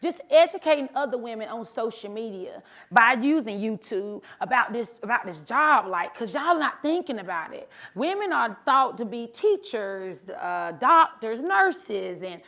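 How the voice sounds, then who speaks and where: A woman who drives trucks, telling her story in a bubbly, animated motivational speech to a live audience and talking casually to the crowd. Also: a little high, unhurried, hardly any pauses. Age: adult, mother of sons. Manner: casual, chatty, addresses crowd as honey and y'all. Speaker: truck driver and social media creator. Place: live event before an audience.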